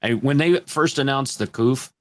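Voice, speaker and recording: A man from Illinois, a podcast guest telling crude, animated stories in a casual panel chat. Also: medium pitch, moderate pace.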